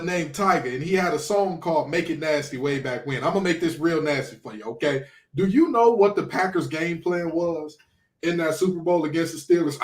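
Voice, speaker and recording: A man co-hosting a sports podcast, trash-talking in an animated way and throwing in preacher-like exclamations. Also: sits high. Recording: roomy, far from the mic.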